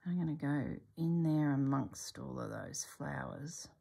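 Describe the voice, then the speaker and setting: A middle-aged woman talking through a stitch-along embroidery tutorial in a calm, musing way, often dropping to a soft whisper. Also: low-pitched, measured pace, gravelly, husky. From Australia.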